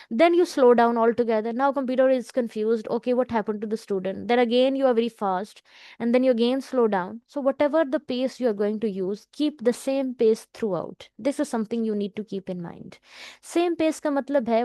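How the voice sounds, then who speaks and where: A woman's voice: a little high, warm tone, no room sound, studio quality. A woman teaching a speaking lesson, explaining with many "you know" fillers. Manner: explanatory, frequent "you know" fillers, mixes in Hindi words. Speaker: PTE speaking tutor. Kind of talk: online lesson.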